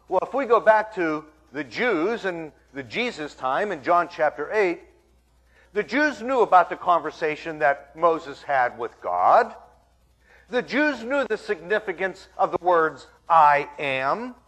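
Slow, animated male preacher. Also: high-pitched, soft background music. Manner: dramatic, acts out the crowd's voices. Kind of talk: sermon.

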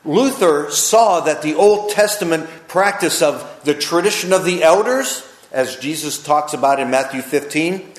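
Slow, emphatic male preacher in an echoey room. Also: fairly high pitch. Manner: emphatic, slows down to stress key phrases. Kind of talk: sermon.

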